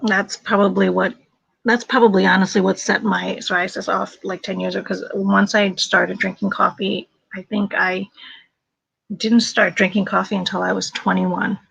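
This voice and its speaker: Chatty woman with a gravelly voice. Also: medium pitch, flat delivery, moderate pace, fairly bright tone, no room sound, dull audio. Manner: chatty, laughs often, talks to her dog. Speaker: livestream host. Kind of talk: casual livestream chat.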